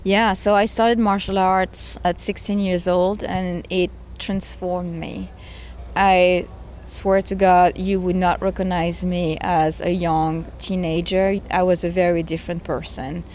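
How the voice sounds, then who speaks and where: A game creator in her thirties speaks in a lowish, slightly mellow voice with little pitch movement and a measured pace. In a conversational interview she talks earnestly and emotionally, with real conviction. Faint background noise is audible.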